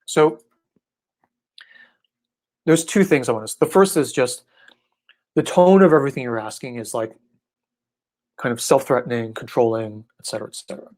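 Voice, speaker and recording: A man's voice: mid-range voice, moderate pace, pauses often. Laid-back man answering spiritual questions. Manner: relaxed, irreverent, often asks "right?". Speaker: spiritual teacher. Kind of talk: casual live online Q&A.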